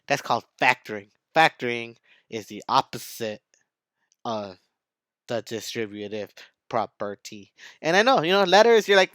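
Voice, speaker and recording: A man's voice: medium pitch, animated, moderate pace, fairly bright tone, clean tone, dry recording. A man teaching math in a video lesson, hyped and playful, talking straight to his students.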